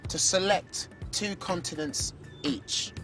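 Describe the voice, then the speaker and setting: A woman's voice: lowish voice, slow pace, a bit bright. A woman presenting a children's game show, upbeat and teasing as she explains the rules to the kids. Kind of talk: lively TV presenting. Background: music.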